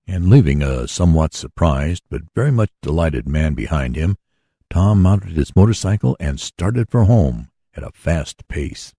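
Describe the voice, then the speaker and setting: Male audiobook narrator, deep gravelly voice, husky, dry close recording. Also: expressive, measured pace, dark tone, dry recording.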